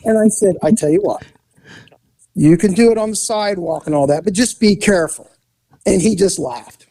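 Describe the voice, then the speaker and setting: A man's voice: high-pitched, moderate pace, warm tone, no room sound. A man who was a police officer, casually telling a story and acting out voices and sound effects.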